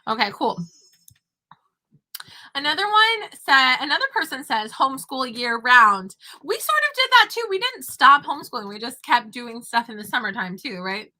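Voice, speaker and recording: A woman's voice: sits high, big pitch swings, moderate pace, sharp tone. A young woman, a homeschooling mother, chatting casually to her viewers while her young daughter eats beside her. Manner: chatty, talking with her child between points. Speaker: homeschooling mother and online teacher. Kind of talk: casual talk to camera.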